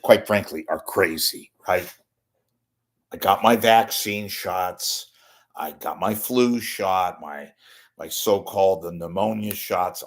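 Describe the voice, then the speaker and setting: An older man talks loosely through a casual livestream monologue, wandering off topic and back again. He keeps breaking in on himself with crude jokes and asides. His voice sits on the low side. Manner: rambling, self-interrupting, with bawdy jokes. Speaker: host.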